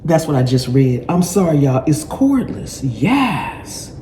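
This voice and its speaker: A woman's voice: low voice, sing-song, takes it slowly, warm tone, a little hiss or hum. A middle-aged woman hosting a gardening channel, gushing and laughing through an unboxing, calling her viewers y'all. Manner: exclamatory, laughing, repeats phrases, addresses viewers as y'all. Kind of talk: excited unboxing vlog. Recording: echoey room with clatter.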